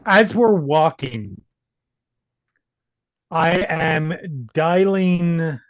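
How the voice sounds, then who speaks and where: A man playing a tabletop game, asking careful, deliberate questions. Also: a little high, no room sound. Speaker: player. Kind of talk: casual tabletop game chat.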